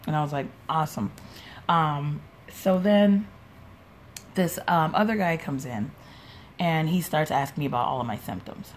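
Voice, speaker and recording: This is a podcast episode hosted by a young, low-voiced woman who spins out a long, meandering story about her own life. She swears liberally and does voices for what others said, sipping a drink at home while recording, with faint hiss underneath.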